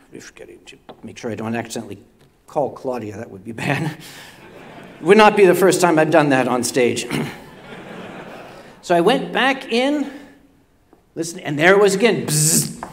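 A man's voice: fairly high pitch, very animated, a little slow, pauses often. An older man telling a self-deprecating comic story on stage, stammering and repeating words as he goes. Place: convention stage before a live audience.

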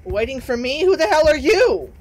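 A woman's voice: high voice, sing-song, moderate pace, slight background noise. A woman reading a frightened haunted husband. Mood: alarmed.

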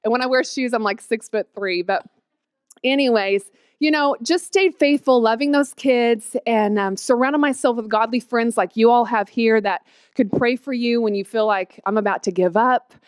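A woman's voice: on the high side, normal speed, clear, resonant tone, no room sound. A woman from in her late thirties, sharing a personal testimony with a chatty, emotional manner full of fillers. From Oklahoma panhandle, USA. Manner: emotional, tearful at times, chatty with many fillers. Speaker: guest speaker.

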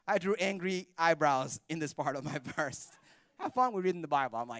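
A male pastor preaching a sermon in a joking, animated storytelling manner. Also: extremely high pitch, brisk, dry recording, studio quality. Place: church.

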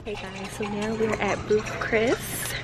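Young woman vlogger, playful, chatty, loud music behind. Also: mid-range voice, flat delivery, a little slow. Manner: playful, chatty, swears casually. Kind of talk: casual vlog chat. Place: restaurant.

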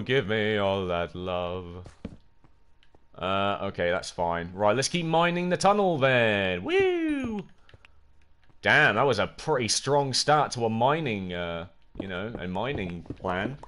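A young man streaming a video game live, chatting to his viewers and yelping when something startles him. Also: fairly low pitch. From United Kingdom. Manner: excitable, jokey, talks to chat, yelps when startled. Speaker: gaming livestreamer. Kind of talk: casual live gameplay commentary.

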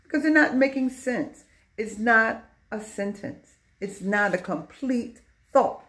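A woman's voice: on the high side, takes it slowly, a bit bright. A middle-aged woman teaching young children a lesson in a patient, sing-song way.

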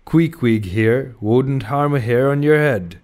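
A man's voice: mid-range voice, slow pace, darkish tone, natural voice. A man doing a folksy grinning innkeeper. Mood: easygoing. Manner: folksy, rustic grammar. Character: grinning innkeeper, adult male.

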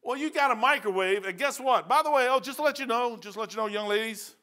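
A middle-aged man preaching a sermon in a church, telling folksy stories, saying "man" often and swinging from loud to quiet. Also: extremely high pitch, fast. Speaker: pastor. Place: church sanctuary.

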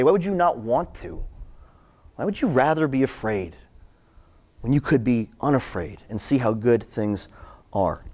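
A campus ministry speaker, this man delivers a casual, conversational sermon to students, repeating his questions for emphasis and sprinkling in "right?" and "like." His voice is a little high and a little fast, with lively intonation and a darkish tone.

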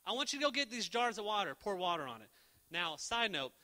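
This preacher is a young man whose voice is high and strikingly bright. His sermon is casual and playful, full of lively Bible storytelling and rapid impressions of the characters, all echoing through a church hall's lingering reverb.

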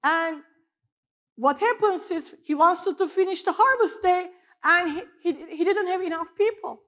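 High-voiced woman pastor preaching. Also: moderate pace. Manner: animated storytelling, swings between loud emphasis and quiet asides. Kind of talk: sermon.

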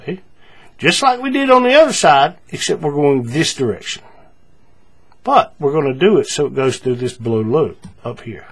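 A man walks through a paracord craft step by step in a relaxed tutorial, narrating each move with frequent fillers and repetition. His voice is on the high side and slightly rough, at a moderate pace.

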